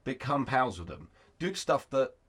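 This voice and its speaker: Speaking a little slowly in a medium-pitched, slightly rough voice, a man in his thirties who owns a garage recounts his story. He's animated, casual and profane, and he mimics the voices of people he quotes.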